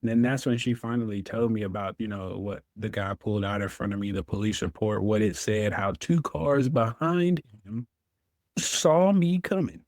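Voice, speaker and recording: A man's voice: fairly low pitch, steady tone, normal speed, a little mellow, no room sound, studio quality. A man, a veteran guest telling his story in an interview, acting out his own past words.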